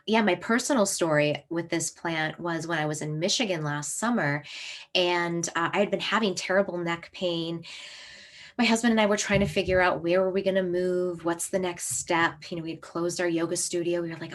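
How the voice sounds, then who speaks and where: A woman in her thirties, an herbalist, telling a personal story in a casual, animated way, acting out voices and laughing as she goes. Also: lowish voice. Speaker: herbalist and herb school teacher.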